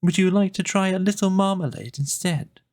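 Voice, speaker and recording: A man's voice: sits high, normal speed, a little mellow, pitched above the performer's own voice, natural voice. A man voicing a polite, coaxing storybook queen.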